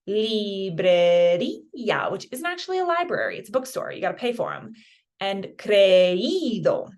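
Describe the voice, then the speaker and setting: A woman teaching a beginner Spanish pronunciation lesson in a casual, encouraging way, saying example words slowly and carefully. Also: medium pitch.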